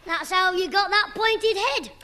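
An actor playing a cheeky, scheming young schoolboy in a radio sitcom, with quick, wheedling delivery. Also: extremely high pitch, a loud crowd, heavy background noise. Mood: teasing. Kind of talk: 1950s radio sitcom acting.

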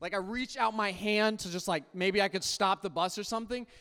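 A young man telling a funny personal story to a live audience, animated, often jumping into high squeaky voices to act out his younger self. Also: fairly quick, clear, resonant tone. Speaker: storyteller speaking to a youth audience. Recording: long hall reverb.

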